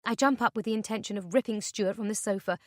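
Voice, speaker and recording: A woman's voice: mid-range voice, quick pace, a little mellow, no echo. Lady reading a suspense audiobook, tense first-person telling, dry close sound. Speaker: audiobook narrator. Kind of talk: scripted narration.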